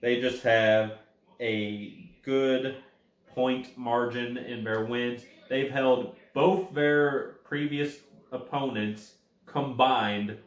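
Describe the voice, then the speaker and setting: Drawing out his words with fairly even intonation, a medium-pitched man runs through his own college football rankings in a chatty, casual commentary. He talks straight to the teams and catches his own slip-ups, and the sound is roomy.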